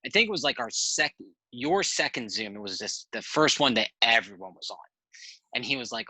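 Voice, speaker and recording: Male guest, relaxed rambling talker who swears casually; very bright voice, dry recording. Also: mid-range voice, normal speed, no echo, rough recording. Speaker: podcast guest. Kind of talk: casual storytelling chat.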